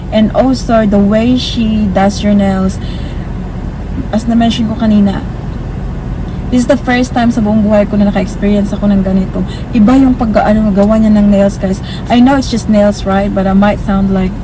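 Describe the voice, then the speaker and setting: A woman's voice: medium pitch, background noise. A woman with a Filipino accent chatting casually to camera as a family vlogger, mixing English and Filipino with frequent fillers. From Philippines. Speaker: vlogger, mother.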